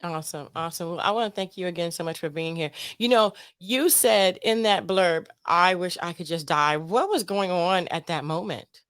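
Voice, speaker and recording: A woman hosting an interview podcast, fast-talking and excitable, in casual chat. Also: fairly low pitch, no room sound, studio quality. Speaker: podcast host.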